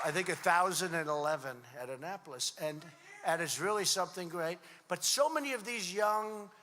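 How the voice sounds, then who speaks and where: At a rally in a large hall, a man in his seventies gives a rambling, repetitive speech, telling stories conversationally. His voice is a little high, bright and forceful, with a slight hiss or hum and long hall reverb on the recording.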